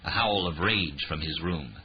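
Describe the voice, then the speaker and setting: A man narrating an audiobook thriller in a dramatic, expressive reading. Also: extremely low pitch, a little slow, slight background noise. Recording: dull lo-fi audiobook recording.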